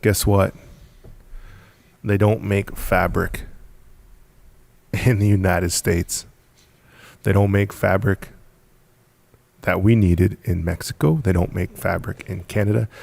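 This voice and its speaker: A man's voice: low-pitched, steady tone, slow, vocal fry, long pauses, darkish tone. A man telling a guest's story about starting his business, emphatic and repetitive, with frequent laughs. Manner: emphatic, repeats words, laughs often. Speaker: podcast guest, business founder. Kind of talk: casual storytelling.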